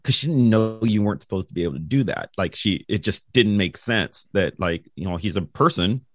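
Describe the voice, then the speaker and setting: A man's voice: fairly low pitch, animated, a little fast, dry recording, clean studio sound. A middle-aged man, a podcast guest, telling a childhood story in a rambling way, with lots of ums, restarts and laughs. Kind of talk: casual storytelling.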